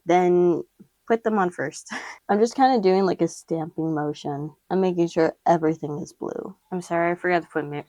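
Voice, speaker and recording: A woman's voice: lowish voice, a little mellow, no room sound. A young woman chatting casually through a makeup tutorial at home, rambling, giggling and swearing offhandedly while talking to the camera. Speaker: makeup vlogger.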